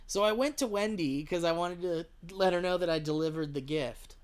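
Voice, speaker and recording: A man's voice: high-pitched, normal speed, clean tone. A man chatting casually while live-streaming a video game, rambling, joking and swearing freely as he talks to his chat. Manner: rambling, profane, jokey.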